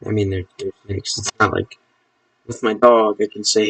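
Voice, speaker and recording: A man's voice: lowish voice, steady tone, a little fast, no room sound, far from the mic. Chatty male streamer, a bit off-mic. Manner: chatty, amused, talks to his pet snake. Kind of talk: casual live-stream chat.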